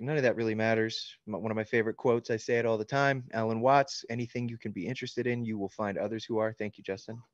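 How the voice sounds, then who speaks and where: A man's voice: fairly low pitch, no echo, highs cut off. Rambling man, casual and loose. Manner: loose and rambling, many likes and ums, laughs easily. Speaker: author answering fan questions. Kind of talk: casual interview chat.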